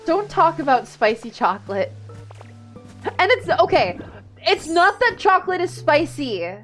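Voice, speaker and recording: A young woman streaming a video game, chatting casually and excitedly into a desk mic. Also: very high-pitched, measured pace. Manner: excitable, chatty, gasps and laughs often. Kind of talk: casual live-stream chat while gaming. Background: game music.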